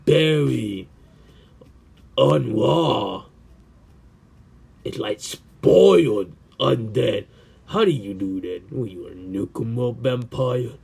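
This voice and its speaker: Man voicing a sinister cartoon killer, fan dub, slow mocking taunts, raspy, gravelly. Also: medium pitch, expressive, darkish tone, pitched below the performer's own voice, full character voice. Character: teasing sinister adult male killer, mocking.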